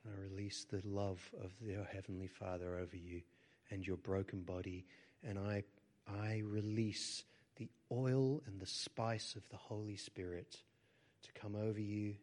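A pastor leading healing prayer, speaking softly and often sinking into a whisper, then rising into firm declarations. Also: male voice, lowish voice, steady tone, normal speed. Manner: soft prayerful delivery, often dropping to a whisper; rises to forceful declarations. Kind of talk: prayer ministry sermon.

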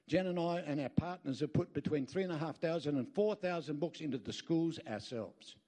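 Fairly high-pitched and a little fast, his warm voice carries through a church where this Australian man is a guest. He preaches with emphasis, tells folksy tales with rambling asides, and urges the crowd to shout amens.

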